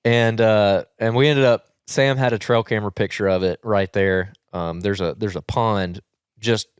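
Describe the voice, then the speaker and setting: A man with a Southern US accent hosting a podcast, telling a hunting story in rambling, animated casual chat with frequent laughs. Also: lowish voice, moderate pace, clean tone, no echo, studio quality. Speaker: podcast host.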